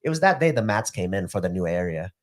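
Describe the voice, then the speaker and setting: A man co-hosting a casual sports chat, telling animated stories and laughing often. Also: low-pitched, fast. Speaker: co-host of MMA news show.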